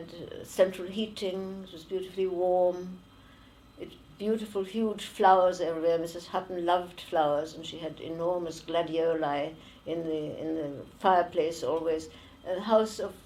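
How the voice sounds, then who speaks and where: A woman in her nineties with a German accent, giving oral history testimony slowly and haltingly, with many pauses and fillers. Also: lowish voice, steady tone, darkish tone, slight background noise, poor audio. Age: 90s. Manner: slow and halting, with frequent fillers. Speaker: interviewee, former refugee.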